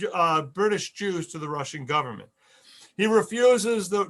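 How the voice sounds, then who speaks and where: A man's voice: high-pitched, a bit bright. A man giving an online history lecture over a video call, earnest, repeating key words for emphasis.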